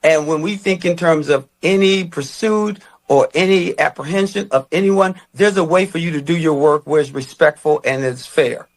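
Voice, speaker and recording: Measured man giving a public statement. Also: on the high side. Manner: measured, formal, halting fillers. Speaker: public official speaking to press.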